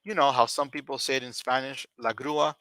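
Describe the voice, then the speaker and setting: A man teaching an English conversation lesson, slowly repeating each question and model answer. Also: medium pitch, steady tone, pushed and bright, no room sound.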